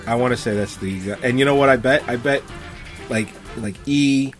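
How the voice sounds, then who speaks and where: A man in his thirties in loose, casual conversation, speaking bluntly and swearing freely. His voice sits at an ordinary middle pitch, and he laughs easily between remarks. Faint music plays behind him. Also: fairly quick. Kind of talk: casual chat.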